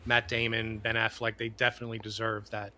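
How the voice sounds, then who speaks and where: Bright-toned male podcast co-host. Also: lowish voice, completely flat delivery, brisk. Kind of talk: casual live-stream chat about films.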